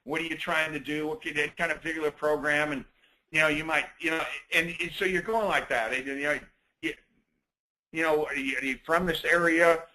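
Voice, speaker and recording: A man giving a coaching talk on a call, telling animated stories and acting out bits of dialogue. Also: fairly high pitch, a little fast, poor audio. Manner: animated storyteller, acts out dialogue. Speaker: sales coach.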